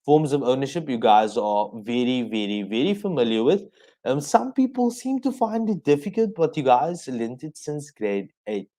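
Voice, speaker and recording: A man from South Africa teaching an exam revision lesson on the radio, explaining slowly point by point so students can take notes. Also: medium pitch, sing-song, mellow, rough recording.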